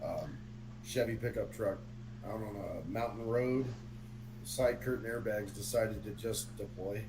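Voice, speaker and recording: A man's voice: on the low side, a little slow. A man chatting casually with friends, telling stories with dry, wry humor. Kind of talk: casual chat. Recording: noticeable hum behind voice.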